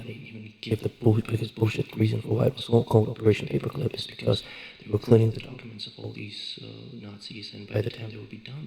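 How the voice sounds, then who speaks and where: Gravelly, husky man ranting sarcastically. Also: lowish voice, dark tone, poor audio. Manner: swearing, sarcastic, exasperated, rambling with restarts. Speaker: online show reviewer. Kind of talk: casual ranting review.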